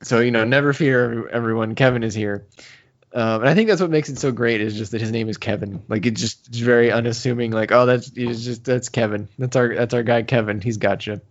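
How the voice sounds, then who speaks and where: A man co-hosting a podcast in casual chat, recapping a story with animated retellings and quotes. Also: mid-range voice, a little fast, muffled recording. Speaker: podcast co-host.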